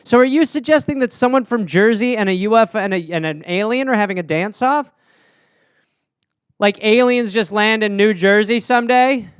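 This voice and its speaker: A man with a high, smooth voice rambles and riffs, swearing freely and sounding amazed at everything. The recording is close and dry. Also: moderate pace, dry recording. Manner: profane, riffing, incredulous. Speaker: podcast host. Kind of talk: comedic rambling monologue.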